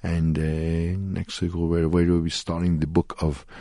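A middle-aged man speaks as a rabbi hosting a Torah talk radio show, telling stories sprinkled with Hebrew and Yiddish terms. His voice is low. The sound is dry and close, with no room around it. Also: completely flat delivery, a little slow, mellow, dry recording.

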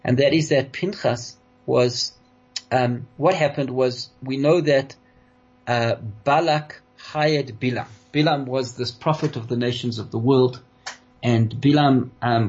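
A middle-aged man giving a sermon as a rabbi, heartfelt and halting, often restarting, with Hebrew religious terms worked into his speech. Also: medium pitch, a little mellow, a little hiss or hum. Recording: dull lo-fi recording.

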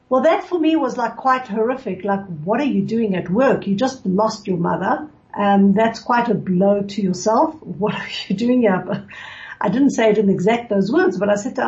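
A woman's voice: mid-range voice, normal speed, darkish tone, muffled recording. A woman hosting a radio show, talking earnestly about mourning customs and telling a personal story, with many fillers and restarts. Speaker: radio host. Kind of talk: reflective radio talk on religious law.

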